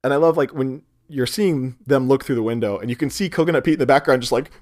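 A man on a casual comedy podcast, excitedly walking through a movie scene by scene. His pitch sits in the usual middle range, and he keeps breaking into brief character voices as he tells it. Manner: animated retelling, slipping into quick voices for characters. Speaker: podcast co-host recapping a film.

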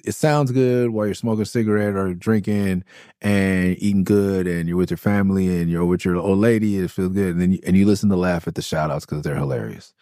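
Deep, dark-voiced man telling stories. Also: brisk, no echo, clean studio sound. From Los Angeles. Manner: loose, enthusiastic, rambling with many "like"s. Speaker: podcast host. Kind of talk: casual storytelling about his album.

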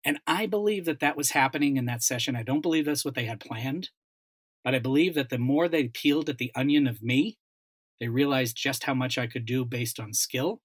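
A man's voice: medium pitch, a little fast, breathy edge, no echo. A man, a dialect coach and voice actor, telling a story in a casual panel chat, with many restarts.

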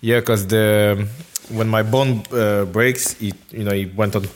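With slight background noise, a French former footballer takes interview questions casually, hesitating often, restarting and hunting for words. He speaks unhurriedly in a steady, lowish voice.

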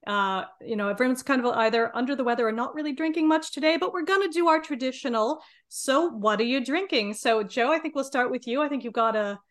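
A woman hosting a beer podcast in casual chat, chatty and quick to restart her sentences. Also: sits high, a bit bright. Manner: chatty, repeats words and restarts often. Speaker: podcast host.

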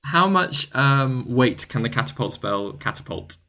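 A man's voice: medium pitch, lively intonation, unhurried, bright, forceful tone. A man running a tabletop game as game master, narrating casually with many fillers.

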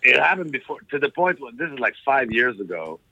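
A middle-aged comedian from Quebec, telling profane, animated stories in casual podcast chat. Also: male voice, medium pitch, brisk, dry recording, muffled recording. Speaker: comedian guest.

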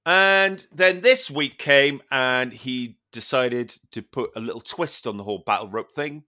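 A man co-hosting a casual podcast chat, telling an animated story with plenty of swearing and laughter. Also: mid-range voice, a little slow. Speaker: podcast co-host.

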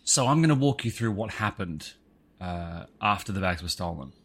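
A man co-hosting a podcast, telling a story in casual chat, animated and full of swings in pitch. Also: normal speed, husky. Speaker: podcast co-host.

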